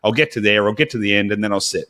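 A man's voice: lowish voice, racing, bright, forceful tone. A man co-hosting a podcast in casual chat, candid and blunt, with casual swearing. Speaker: podcast co-host.

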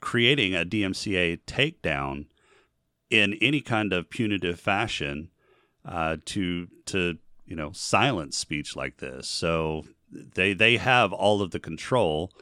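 Bright-voiced man explaining earnestly. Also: deep voice, expressive, a little slow, dry recording, clean studio sound. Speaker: podcast co-host. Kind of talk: casual gaming news chat.

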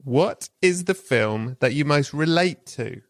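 A man's voice: on the high side, expressive, measured pace, dry recording. A man hosting a podcast interview, asking questions in a dry, teasing way. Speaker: podcast host. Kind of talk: casual interview chat.

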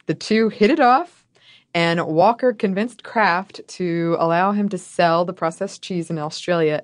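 Sex: woman. Role: podcast co-host. Style: scripted history storytelling. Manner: wry and playful. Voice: lowish pitch. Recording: dry and close. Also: unhurried, no room sound. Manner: wry, playful, laughs often.

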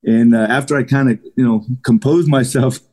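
Middle-aged male ex-lineman guest; lively storyteller who acts out the quotes. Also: medium pitch, brisk, breathy edge. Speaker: guest, retired football lineman. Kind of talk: casual storytelling interview.

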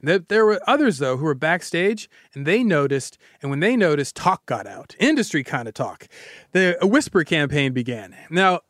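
A man's voice: a little high, very animated, moderate pace, fairly bright tone, no echo. A man hosting a storytelling podcast, telling the tale to a co-host in a playful, jokey way on a close studio mic. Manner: playful, jokey, acts out quotes.

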